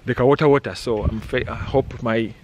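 A man's voice: medium pitch, fairly even intonation, a little fast, a little mellow, rough recording. A middle-aged man narrates his hike in a loose, rambling way, tossing in jokes and a habitual "eh?". He is outdoors on a soggy trail, caught on a handheld camera. A faint hiss sits under his voice. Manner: rambling, joking, frequent "eh?" tags. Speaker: vlogger on a hike. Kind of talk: casual walking vlog narration. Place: outdoors on a muddy canyon trail.

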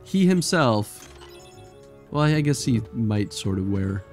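A man's voice: mid-range voice, big pitch swings, slow pace, darkish tone, faint music behind. A man co-hosting a casual let's-play, chatty and joking over gameplay.

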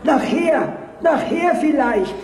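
An actor playing a quiet middle-aged husband in a TV comedy sketch, answering his wife politely in short, calm replies. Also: extremely high pitch, slow, soft background music, exaggerated voice. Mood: patient. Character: quiet middle-aged husband who just wants to sit. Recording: old TV sketch in an echoey hall.

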